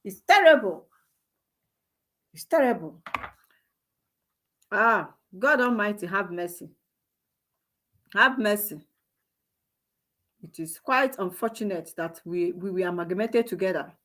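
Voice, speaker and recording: A woman's voice: mid-range voice, lively intonation, takes it slowly, long pauses, fairly bright tone. A woman with a Nigerian accent delivering an emotional, exclamatory commentary monologue, repeating herself and calling out to God. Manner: emotional, repetitive, exclamatory, preachy. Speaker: online commentator.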